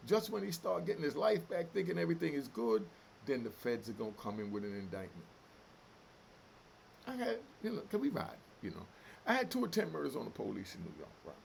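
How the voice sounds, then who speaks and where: A man's voice: medium pitch, creaky, a little mellow, a little hiss or hum. A middle-aged man hosting a commentary channel, delivering fiery, emotional, profane street talk in a heated solo rant.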